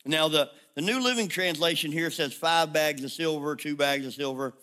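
A middle-aged male pastor delivers his sermon in a bright, ringing voice pitched a little high. He tells stories with animated humor and quick asides.

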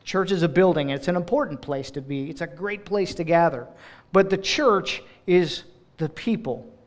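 Casting note: male preacher, slightly high voice, expressive delivery with quick restarts. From United States. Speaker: director of global partnerships speaking in church. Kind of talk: sermon.

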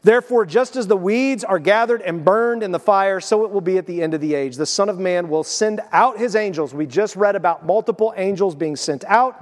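A man's voice: high-pitched, fairly quick, few pauses. A male pastor preaching a sermon, telling stories animatedly and acting out the voices he quotes. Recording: long reverb of a church hall.

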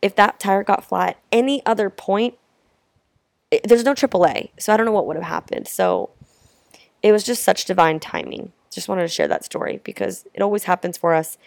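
A young woman vlogging about her travels, telling stories casually and warmly with lots of filler words. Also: medium pitch, very animated, moderate pace, vocal fry, no room sound. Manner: chatty, heartfelt, lots of "like" fillers. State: tearful at times. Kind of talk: casual storytelling to camera.

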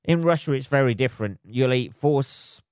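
A man talks alone into the mic for his podcast. He rambles from one point to the next, swears freely and laughs at his own jokes. His voice sits at an ordinary pitch in a dead, dry room. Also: lively intonation, moderate pace, darkish tone, smooth, dry recording. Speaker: podcast host. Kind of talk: solo podcast monologue.

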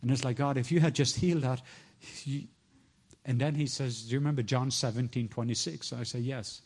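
A man's voice: mid-range voice, steady tone, brisk, a little mellow. Middle-aged man preaching a story. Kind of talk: sermon storytelling.

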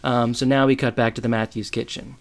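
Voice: mid-range voice, little pitch movement, brisk. A podcast co-host who recaps a TV episode scene by scene in casual, joking chat.

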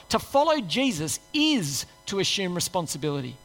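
A man's voice: high voice, big pitch swings, brisk, fairly bright tone, faint music behind. A man preaching a conversational sermon, asking rhetorical questions and acting out people's inner voices. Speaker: pastor. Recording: long hall reverb.

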